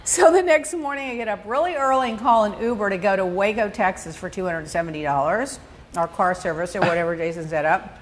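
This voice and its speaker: A woman's voice: mid-range voice, fairly quick, a little hiss or hum. A middle-aged woman hosting a podcast, telling a travel story in a casual, exclamatory way and acting out what she said. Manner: animated, exclamatory, quotes herself in big swings. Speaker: podcast host.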